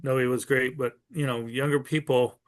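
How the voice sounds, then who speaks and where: A man's voice: medium pitch, fairly even intonation, moderate pace. A man in his fifties, a card-collector guest, chatting casually and trailing off with frequent ums. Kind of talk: casual podcast chat.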